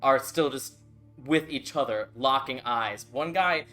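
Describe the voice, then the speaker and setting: A man's voice: mid-range voice, measured pace, sharp tone, soft background music. A man narrating as game master of a tabletop game, loose and chatty with lots of fillers.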